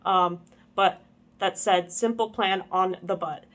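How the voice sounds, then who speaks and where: A woman's voice: lowish voice, steady tone, slow, fairly bright tone. A young woman reading a fan story aloud with comic asides. She laughs often, stumbles over words and goes back to reread them. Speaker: channel host.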